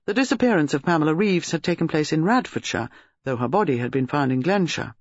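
A man reads a detective story aloud in a calm, measured way. His voice sits a little high for a man. The recording is dry and slightly dull. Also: slightly rough, no room sound. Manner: measured, gives characters distinct voices. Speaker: audiobook narrator. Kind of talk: scripted narration.

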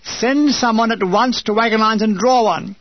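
A man's voice: sits high, moderate pace, dull audio, pitched above the performer's own voice. A man voicing a stern army major who gives curt orders. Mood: commanding. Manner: curt, commanding. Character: stern fussy army major hunting for trouble.

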